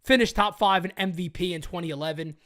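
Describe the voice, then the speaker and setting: A woman hosting a live-stream sports chat show, talking in an animated, emphatic way and greeting her chatters. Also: on the low side, fast talker. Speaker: sports talk show host.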